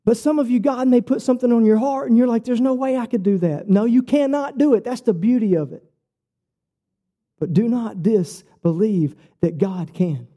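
A man preaching a sermon, telling his own story earnestly and personally. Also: moderate pace. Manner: earnest, personal storytelling with lively shifts in pitch.

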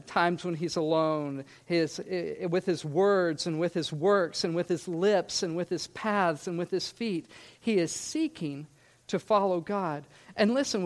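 A man who grew up in Scotland, preaching a sermon in an earnest, emphatic way and asking the listeners rhetorical questions. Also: fairly high pitch. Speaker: pastor.

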